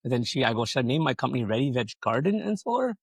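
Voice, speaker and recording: A man's voice: medium pitch, big pitch swings, racing, slightly rough, dry recording. A man telling his business story as a podcast guest, rambling casually, swearing freely and acting out other people's lines. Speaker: podcast guest, solar company founder.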